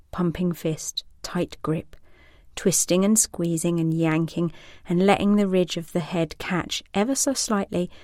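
Woman narrator with a low voice for an adult audio story. Slow and sensual, with a dry close sound. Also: darkish tone, no room sound. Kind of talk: scripted erotic story narration.

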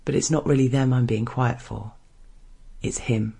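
A man reading an erotic first-person story in a hushed, measured narration. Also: mid-range voice, fairly even intonation, creaky, breathy edge.

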